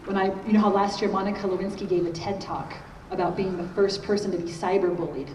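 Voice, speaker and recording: In a large conference hall, a middle-aged woman gives a conversational talk on parenting, frequently asking her audience "okay?" to check in. Her voice is mid-range, her intonation fairly even, and she speaks quickly. The hall is echoey, the mic distant, and there's faint noise.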